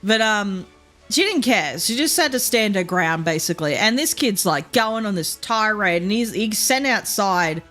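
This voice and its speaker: A woman's voice: mid-range voice, animated, normal speed, a bit bright. A young Australian woman chatting casually as a streamer while gaming, rambling, swearing freely and laughing often. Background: faint game music.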